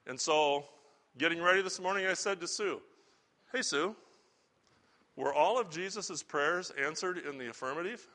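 A man's voice: a little high, normal speed, pauses often, pushed and bright. A middle-aged man preaching a sermon as a pastor, earnest and conversational, asking the congregation rhetorical questions.

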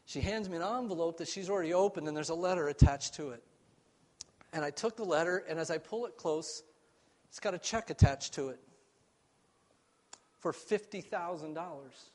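A man preaching a sermon as a pastor, telling a story earnestly and swinging between raised and hushed passages. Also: fairly high pitch, moderate pace, pauses often.

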